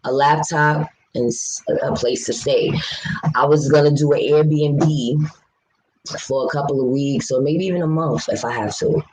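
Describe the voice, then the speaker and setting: A woman's voice: low voice, unhurried, a little mellow, husky, rough recording. Blunt, fiery New woman streaming. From New York City. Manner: blunt, passionate, swears freely; talks straight to viewers, reads chat aloud. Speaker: livestream host. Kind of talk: casual livestream chat.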